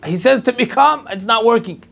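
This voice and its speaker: A middle-aged rabbi tells a long personal story to an audience, lively and full of repetition. His voice sits high for a man and has a gravelly, creaky edge. He acts out everyone's lines as he goes. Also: brisk. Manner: animated storyteller acting out dialogue, repetitive. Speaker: rabbi lecturer.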